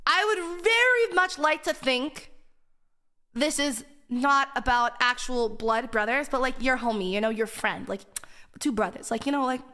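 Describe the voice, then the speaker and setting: A woman's voice: sits high, lively intonation, moderate pace, bright, forceful tone. A woman streamer chatting casually in a giggly, playful, joking way. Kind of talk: casual chat.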